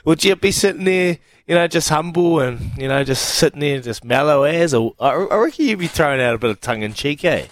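Chatty kiwi radio host, dry sound. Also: male voice, a little high, lively intonation, no echo. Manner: chatty, matey, quick reactions. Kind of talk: casual sports radio chat.

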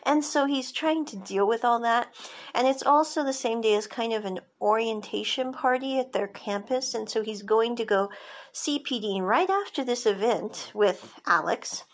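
A woman's voice: fairly high pitch, normal speed. A woman podcast host giving a chatty, digressive recap of a TV drama, with side notes along the way.

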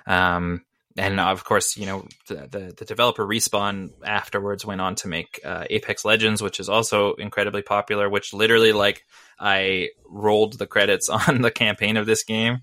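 A man's voice: on the low side, steady tone, moderate pace, sharp tone, no room sound, clean studio sound. A man co-hosting a casual podcast chat about video games, rambling with lots of fillers and little laughs. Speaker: podcast co-host.

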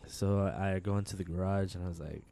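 A man co-hosting a podcast, telling a rambling story full of swearing and slang, laughing often, relaxed and high. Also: quick pace, creaky. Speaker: podcast co-host. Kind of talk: casual chat.

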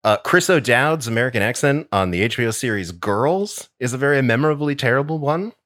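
A man's voice: medium pitch, animated, brisk, a bit bright, no echo, clean studio sound. A man co-hosting a podcast in casual chat, wry and playful, running through a list with emphasis. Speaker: podcast co-host.

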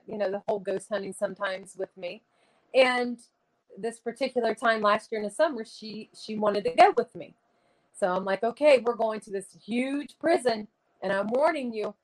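A middle-aged woman tells a ghost story in a slightly high voice. She is a medium, and she talks with earnest drama, stringing the tale together with "you know" and "like.". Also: poor audio. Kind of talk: conversational ghost story telling.

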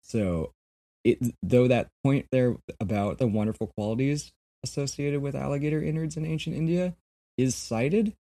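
A man with a dark, mellow voice co-hosts a casual podcast, reading out sources and breaking into laughter often. He talks in an animated, loose way and swears in passing. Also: medium pitch. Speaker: podcast co-host.

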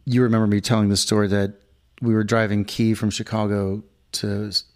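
A middle-aged man co-hosting a casual podcast, talking in a slightly low register. He rambles through a long anecdote and briefly acts out the people he quotes. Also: level tone, brisk. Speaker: podcast co-host. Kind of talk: casual chat.

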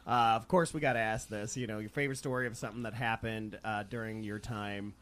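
A man's voice: on the low side, fairly even intonation, fairly quick, fairly bright tone. A man hosting a casual paranormal podcast interview, enthusiastic and laughing often. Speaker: podcast host.

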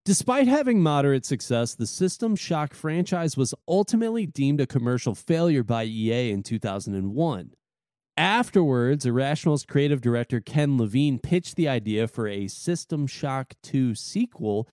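A man's voice: medium pitch, big pitch swings, normal speed, a little mellow, dry recording, studio quality. A man co-hosting a chat, reading out game history facts and joining in the banter. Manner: reads facts, then laughs along. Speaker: podcast co-host.

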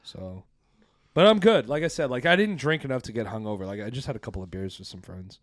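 A man talks over a close studio mic in a dry, deadened room, rambling through a story with plenty of swearing. He keeps restarting his sentences and laughs along at his own jokes. His voice sits at an ordinary middle pitch for a man. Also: expressive, fast, no room sound. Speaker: podcast co-host. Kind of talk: casual podcast banter.

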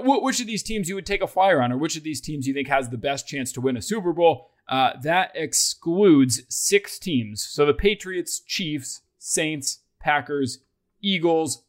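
A man with a slightly high voice hosts a sports talk show. His delivery is loose, chatty and easygoing, full of asides as he walks through the betting odds. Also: normal speed. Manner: chatty, loose, self-deprecating. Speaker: podcast host. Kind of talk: casual sports chat.

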